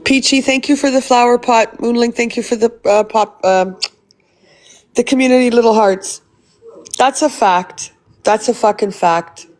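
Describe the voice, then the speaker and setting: A woman's voice: on the high side, a little slow. A woman livestreaming and reacting to clips, ranting bluntly and swearing heavily with scorn.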